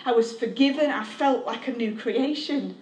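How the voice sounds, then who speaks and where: A woman's voice: a little high, normal speed, darkish tone. A woman, a pastor giving a candid, conversational testimony sermon with self-deprecating humor. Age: 30s. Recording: echoey room.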